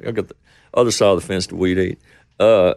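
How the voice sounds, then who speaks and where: A man's voice: low voice, fairly even intonation, a little fast, vocal fry, a little mellow, no room sound, studio quality. A middle-aged or older man telling rambling anecdotes in conversation as an interview guest, full of fillers and quoted dialogue. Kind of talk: casual storytelling in conversation.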